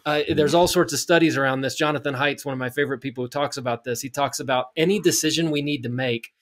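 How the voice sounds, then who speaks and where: A man's voice: medium pitch, steady tone, fast. A middle-aged man on a podcast, laying out his point earnestly, step by step, in casual talk. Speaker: podcast co-host.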